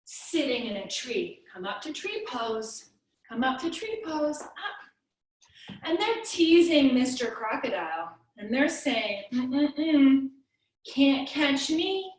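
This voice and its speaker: A woman's voice: high-pitched, sing-song, slow, a little mellow. Sing-song woman teaching toddler yoga. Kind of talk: playful kids yoga class with caregiver. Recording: echoey room, mic far off.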